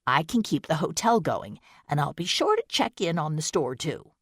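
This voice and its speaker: A woman voicing a kindly, motherly hotel keeper in an audiobook, gentle, soothing and encouraging. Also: low-pitched, sing-song, normal speed, slightly rough, no echo, studio quality, full character voice. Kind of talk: audiobook character reading.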